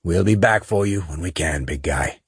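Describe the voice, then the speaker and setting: A man's voice: deep voice, normal speed, slightly rough, no echo, clean studio sound, full character voice. A man voicing a terse, commanding male gunnery sergeant in an audiobook.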